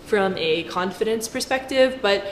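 A woman's voice: medium pitch, expressive, a little slow. A woman giving a casual, chatty explainer to camera, with jokey asides. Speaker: finance commentator. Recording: roomy echo with faint background noise.

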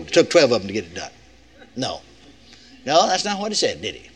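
A man's voice: medium pitch, big pitch swings, a little fast, husky. An older man, preaching a sermon with folksy, playful asides to the audience. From United States. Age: 60s.

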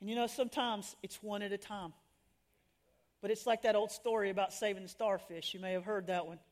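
A middle-aged woman telling stories in a sermon to women, animated and laughing at herself, acting out the people she quotes. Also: mid-range voice, a little fast. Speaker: women's ministry speaker.

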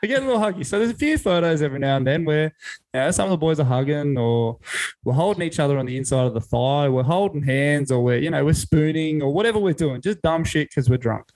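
A man's voice: fairly high pitch, expressive, fast, a little mellow, low-quality recording. A young Australian man co-hosting a sports podcast, ranting and joking in laid-back casual chat. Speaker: podcast co-host.

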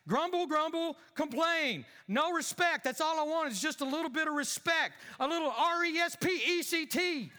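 Grumbling, indignant family dad, high and piercing, a preacher putting him on. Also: male voice, a little fast, bright, forceful tone, clear, resonant tone, in a large hall. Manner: whiny, exasperated ranting. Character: grumpy middle-aged father, whining and complaining. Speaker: one-man skit in a sermon.

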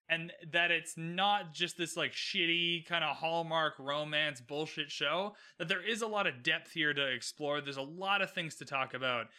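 Animated young man, bright high voice. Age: 20s. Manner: animated, acts out characters' lines in quick bits; frequent restarts and "like" fillers. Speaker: podcast host. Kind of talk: solo podcast recap.

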